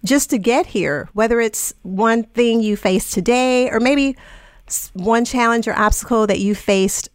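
Female podcast host, effusive and bright-voiced, fairly high pitch, dry studio booth. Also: measured pace, smooth, dry recording. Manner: enthusiastic, effusive. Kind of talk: upbeat show introduction and casual chat.

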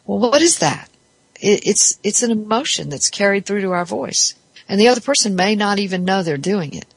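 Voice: mid-range voice, very animated, normal speed, breathy edge, no echo. Thoughtful therapist, dry close sound. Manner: thoughtful, explaining step by step. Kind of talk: reflective podcast monologue.

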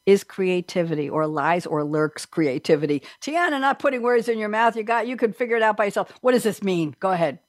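A middle-aged woman hosting a group discussion, reading quotes aloud slowly with lively asides. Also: mid-range voice, no room sound, studio quality. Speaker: host.

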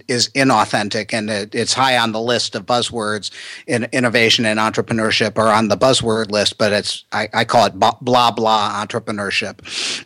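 A man with a bright, forceful voice hosts the interview, thinking aloud and restarting his sentences often. His voice is close and dry, with no room sound. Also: fairly low pitch, no echo. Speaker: podcast host. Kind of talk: conversational interview.

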